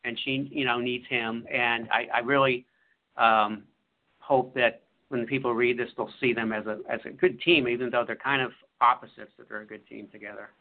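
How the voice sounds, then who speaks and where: A man, an author, talking about his book in a halting way with many fillers. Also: medium pitch, steady tone. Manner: halting, full of fillers and restarts. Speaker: author being interviewed. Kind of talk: casual radio interview. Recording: phone-like line.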